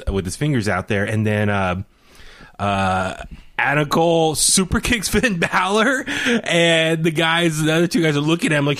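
A young man co-hosting a casual chat show, excitable and laughing often, with plenty of fillers. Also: medium pitch. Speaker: podcast co-host.

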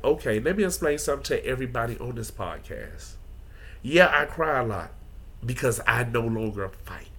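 This podcast host speaks in a medium-pitched, fairly bright voice. He delivers an earnest, emotionally open monologue about his feelings, with a preacher-like quality.

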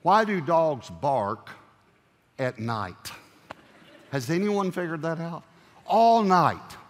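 Animated joking pastor in a big hall. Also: male voice, a little high, slow pace. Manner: animated and joking, swinging from loud punchy lines to hushed earnest ones. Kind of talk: sermon.

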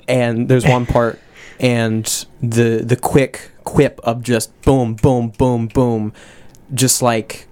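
A young American man, a student actor, explaining rehearsals in a measured way in a radio interview. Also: medium pitch, little pitch movement, a little mellow, smooth. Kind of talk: casual interview chat. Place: radio studio.

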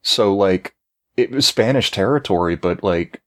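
Male co-host, very low voice, musing and careful, dry close mic. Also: a little slow, fairly bright tone, no room sound. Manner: thoughtful, hedging, many fillers and restarts. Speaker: podcast co-host. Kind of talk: casual chat.

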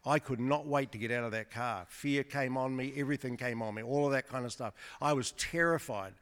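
A guest preacher shares a storytelling sermon testimony with a congregation during a church service, chatty and joking, with many restarts. His voice is medium-pitched, smooth, and a bit bright, and he speaks fairly quickly. Long church hall reverb fills the recording.

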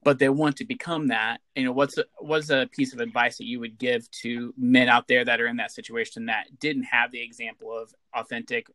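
A man's voice: mid-range voice, level tone, brisk, hardly any pauses, bright, forceful tone, no echo. A man hosting a podcast interview, giving short affirmations and asking questions loosely, with many fillers. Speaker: podcast host. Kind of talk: casual interview.

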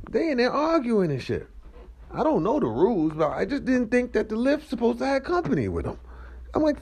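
A man's voice: a little fast, gravelly, husky. A man, rambling and ranting with profanity as he walks around his house. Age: 30s. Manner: animated, ranting, profane, swings between high squeals and low mumbles. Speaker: vlogger. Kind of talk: rambling comedic monologue.

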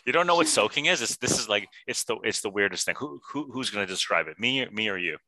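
A man co-hosting a podcast in casual, playful banter, animated and quick to act out silly voices. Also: lowish voice, no echo, rough recording. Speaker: podcast co-host.

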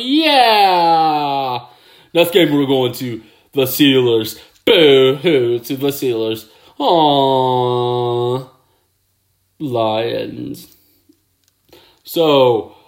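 A man hosting his own football picks show, excitable, with catchphrases and mouth sound effects. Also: medium pitch, takes it slowly, long pauses. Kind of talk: casual sports picks video.

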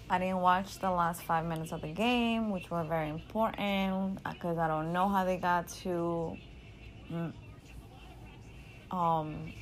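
A woman casually telling a story in an animated, profane, slangy way, often laughing. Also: on the low side, slight background noise, rough recording. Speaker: storyteller recounting a game.

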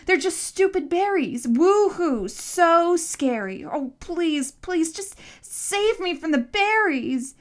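A woman plays a furious teenage boy in a storybook reading, high-pitched and loud. He hurls bitter, mocking words at whoever is in front of him. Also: measured pace. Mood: sarcastic. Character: angry, sarcastic teenage boy. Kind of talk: audiobook character reading.

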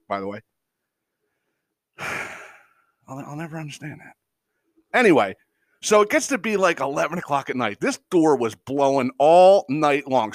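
A man's voice: medium pitch, fairly bright tone, no room sound, studio quality. A man hosting a podcast, telling a long story in a casual, profane, exasperated way and laughing as he goes. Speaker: podcast host.

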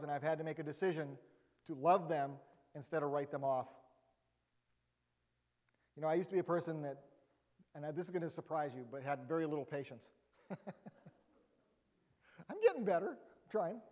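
A man's voice: fairly high pitch, normal speed, pauses often, darkish tone, big-room sound. A man pastor preaching a sermon in a conversational, humorous way with emphatic rising bursts.

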